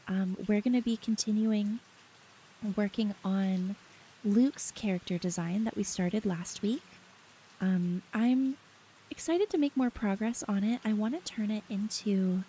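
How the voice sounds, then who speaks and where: A young adult woman streaming late at night, chatting softly with her chat, reading their messages aloud and often laughing. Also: mid-range voice, slight background noise, rough recording. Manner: soft, giggly, reads chat aloud.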